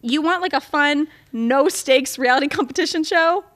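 A young woman co-hosting a podcast in a loose, gossipy chat, with quick asides and plenty of laughter. Her voice sits high and has a bright, forward edge. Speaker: podcast co-host. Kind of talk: casual chat.

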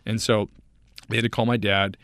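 A man's voice: on the low side, moderate pace, dry recording, studio quality. A man co-hosting a podcast, telling a story in a loose, chatty way, full of fillers and acting out the people in it. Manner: animated, lots of "like", acts out voices in his story. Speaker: podcast guest host. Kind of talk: casual storytelling in a podcast chat.

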